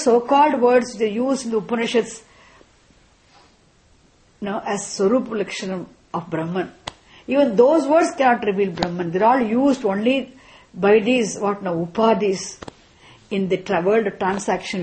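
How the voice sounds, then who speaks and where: A woman teaching a class on scripture, speaking deliberately and often checking in with "isn't it?". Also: medium pitch, lively intonation, darkish tone, a little hiss or hum. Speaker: Vedanta teacher.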